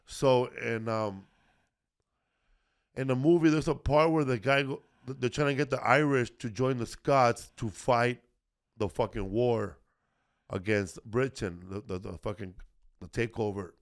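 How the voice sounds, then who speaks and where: A man's voice: mid-range voice, a little slow. Guy hosting a history podcast, rambly and sweary, lots of ums, regular mid voice. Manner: rambling, profane, many fillers and restarts. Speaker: podcast host. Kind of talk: casual comedic history chat.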